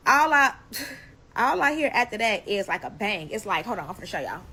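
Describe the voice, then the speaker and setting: A woman telling a personal story in a casual storytime, animated and emphatic, cursing freely. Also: medium pitch, a little fast, breathy edge.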